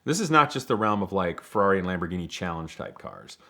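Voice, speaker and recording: A man casually telling a long personal story, animated, acting out other people's lines and laughing often. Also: low-pitched, fast talker, vocal fry. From Ohio, United States. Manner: animated, acts out quoted voices, laughs often. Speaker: storyteller, program leader.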